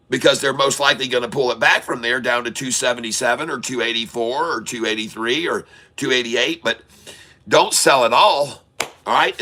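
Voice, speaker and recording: A man hosting a live day-trading stream, calling out prices and coaching viewers in an excitable, repetitive way. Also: mid-range voice. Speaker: day-trading livestream host.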